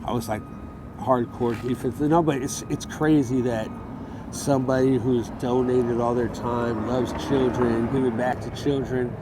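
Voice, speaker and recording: Outdoors in a city, a man tells his story in a casual interview, his mid-range voice steady and measured. He gets heated and profane, acting out what others said to him, with street noise in the background.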